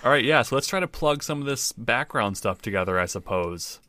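A man's voice: medium pitch, expressive, fairly quick, pushed and bright, no echo. A man playing in a tabletop game, chatting casually with his game master in an easygoing, self-mocking way and laughing often. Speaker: player.

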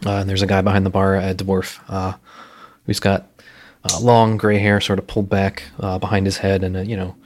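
A man with a fairly low voice runs a tabletop game as game master. He describes scenes in a relaxed, rambling way, full of pauses and fillers.

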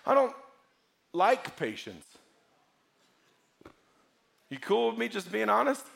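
High, lively preaching man. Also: slow, creaky. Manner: dynamic, swings from loud to hushed. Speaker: pastor. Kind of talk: sermon.

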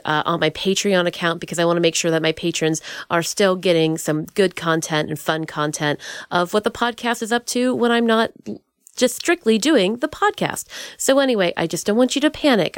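A woman's voice: lowish voice, clear, resonant tone, dry recording, studio quality. A woman hosting her podcast, chatting casually with bubbly, playful energy and goofy asides. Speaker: podcast host.

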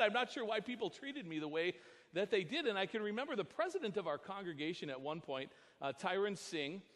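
An American man preaching a sermon as pastor, telling a personal story with animated voices for the dialogue. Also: sits high. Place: church sanctuary. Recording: long church reverb.

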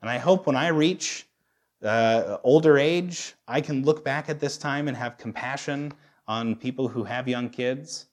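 A man's voice: mid-range voice, a little slow. A man in his thirties preaching a sermon as a pastor, candid and self-deprecating, often restarting his sentences. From United States.

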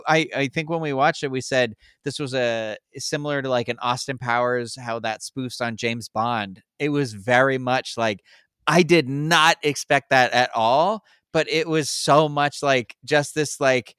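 A man's voice: mid-range voice, steady tone, a little slow, fairly bright tone, smooth, no echo, studio quality. A man co-hosting a podcast, chatting casually about a film in a rambling style full of likes and restarts. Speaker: podcast co-host. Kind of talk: casual pop-culture chat.

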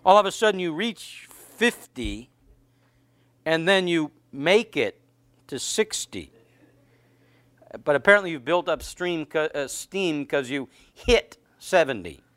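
A middle-aged pastor with a high voice delivers a sermon in a chatty, joking way and often restarts his sentences. The sound is dry and close, with little room echo. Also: lively intonation, takes it slowly, fairly bright tone. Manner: conversational, joking, with stammered restarts.

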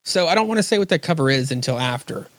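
A man's voice: fairly high pitch, lively intonation, quick pace, no room sound. A man hosting a podcast, chatting casually and recapping comic scenes in a rambling way. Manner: rambling, recaps scenes, acts out quoted lines. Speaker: podcast host. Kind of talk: casual chat about comics.

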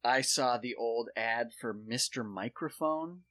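A man with a bright, forceful voice hosts a podcast, wandering through loose, profane stories full of "like" and "uh." The sound is dry and close to the mic, with no room around him. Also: mid-range voice, measured pace, no room sound. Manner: rambling, profane storytelling. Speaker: podcast host. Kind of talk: casual chat.

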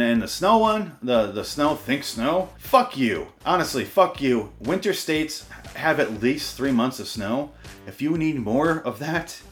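A man's voice: mid-range voice, fairly bright tone. A man hosting a comedy show, ranting and swearing in mock exasperation, his voice worn out. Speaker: podcast host. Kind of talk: profane comedic rant.

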